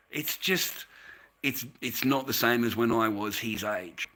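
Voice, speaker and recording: A man rants on a livestream as its host. His voice is very bright and sharp-edged, and his talk is blunt and full of swearing. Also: mid-range voice, measured pace. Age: 50s. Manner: blunt, profane, ranting. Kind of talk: casual livestream rant.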